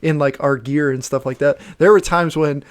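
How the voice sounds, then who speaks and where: A man's voice: fairly high pitch, fairly even intonation, normal speed, clear, resonant tone. A man in his late twenties, co-hosting a casual podcast chat and rambling through stories in a laid-back way. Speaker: podcast co-host. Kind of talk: casual chat among friends.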